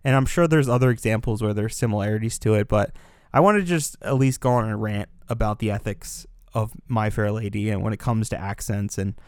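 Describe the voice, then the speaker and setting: A man's voice: on the low side, brisk, darkish tone, clean tone, no room sound, studio quality. A man co-hosting a casual film podcast, talking earnestly and rambling with restarts. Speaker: podcast co-host.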